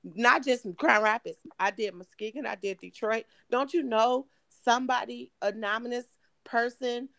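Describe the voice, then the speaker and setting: A middle-aged woman from Michigan, hoarse and emotional, telling her story in an interview with halting, restarting speech. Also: a little high, pushed and bright, dry recording. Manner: halting, repeats words, restarts often. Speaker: guest, mother of missing woman.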